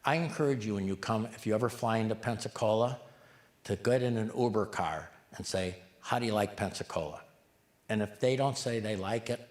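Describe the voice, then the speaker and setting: A man giving a live community talk, joking and putting questions to the audience. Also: fairly low pitch. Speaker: community speaker.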